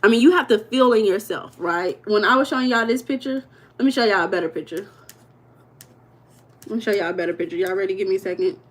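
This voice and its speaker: A woman speaks quickly in a medium-pitched voice. She's a life coach hosting a livestream, playfully teasing her viewers and repeating her questions to the chat.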